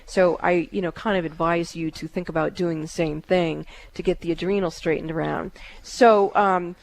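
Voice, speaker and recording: A woman hosting a call-in psychic radio show, giving calm, halting readings with many fillers. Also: on the low side, vocal fry.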